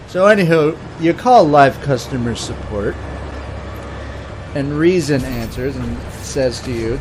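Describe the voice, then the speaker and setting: A man's voice: mid-range voice, a little slow, background noise. A man in his thirties telling a sarcastic, profane comedic rant over gameplay. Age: 30s. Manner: sarcastic, profane, animated storytelling. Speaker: comedic commentator.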